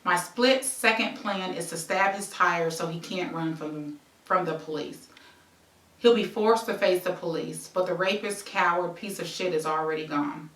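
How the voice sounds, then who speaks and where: A woman reads her own memoir aloud as a present-tense story, stopping now and then for casual asides to the listener. Her voice sits low yet sounds bright and forceful. The recording is roomy and she is a little far from the mic. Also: moderate pace. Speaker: memoir author and host.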